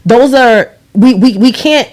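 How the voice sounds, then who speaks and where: A woman's voice: fairly high pitch, slow, a little mellow. A woman from Brooklyn with a New York accent, co-hosting a podcast and making her point emphatically with everyday examples. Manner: emphatic, talks things through with examples. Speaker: podcast co-host. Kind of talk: casual podcast discussion.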